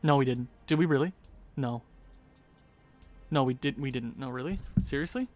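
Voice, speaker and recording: A young man hosting a gaming livestream, rambling casually and chatting to viewers in quick asides. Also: medium pitch, faint music behind.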